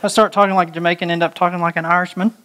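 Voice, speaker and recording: Joking, animated male pastor preaching. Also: high-pitched, racing, some chatter behind, a little hiss or hum. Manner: animated, joking, laughs at his own slips. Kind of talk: conversational sermon. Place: church sanctuary before a congregation.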